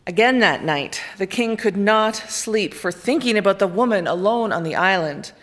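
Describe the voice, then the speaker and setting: A woman narrates a children's fairy tale aloud, with expressive, lively storybook delivery. Her voice sits in a mid range. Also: mid-range voice, moderate pace. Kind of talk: reading a children's picture book aloud.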